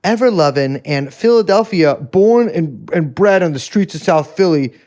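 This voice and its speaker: Playful man host, lively riffing voice. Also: on the high side, normal speed. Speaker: podcast host. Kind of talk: casual banter.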